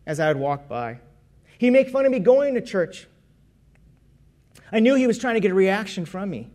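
A man's voice: high-pitched, lively intonation, normal speed, long pauses, a little mellow. A man preaching a personal testimony sermon, telling his story in a conversational way and correcting himself as he goes.

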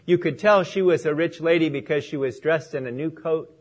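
A man's voice: fairly high pitch, brisk. A male pastor opening in prayer and telling a story as he preaches a sermon.

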